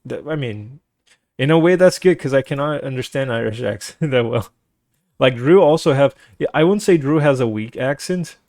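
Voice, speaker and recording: A man from Brazil with a Brazilian Portuguese accent, whose first language is Portuguese, chatting casually and haltingly with his stream viewers. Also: mid-range voice, animated, darkish tone, dry recording, studio quality. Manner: rambling and hesitant, full of restarts and "like".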